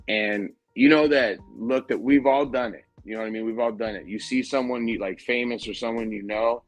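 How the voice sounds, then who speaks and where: A man's voice: medium pitch, a little fast, soft background music, low-quality recording. A man hosting a casual podcast, telling a convention story with lots of swearing and laughter. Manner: profane, animated, laughing while telling stories. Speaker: podcast host.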